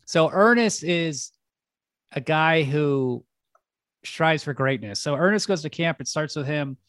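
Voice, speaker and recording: A man's voice: on the high side, expressive, unhurried, fairly bright tone, no echo, studio quality. A young man co-hosting a casual chat, describing things in a wry, laid-back way. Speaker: podcast co-host.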